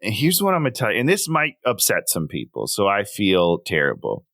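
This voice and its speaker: Animated jokey man from Minnesota. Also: lowish voice, a little fast. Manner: animated, jokey, puts on voices when retelling. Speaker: podcast co-host. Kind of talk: casual comedic chat.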